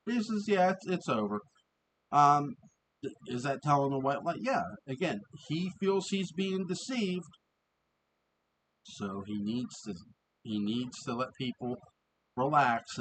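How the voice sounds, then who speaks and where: A man giving a casual, rambling review of an old TV episode. He often restarts, fills pauses and laughs as he talks. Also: mid-range voice, a bit bright, a little hiss or hum, low-quality recording.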